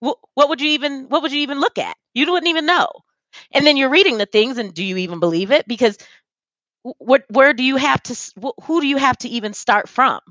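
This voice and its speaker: A fired-up woman speaks in a somewhat high voice over a video call, swearing freely and stumbling through restarts as she presses her points. The sound is dry, with no room echo at all. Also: brisk, fairly bright tone. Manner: emphatic, profane, frequent restarts. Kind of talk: casual conversation.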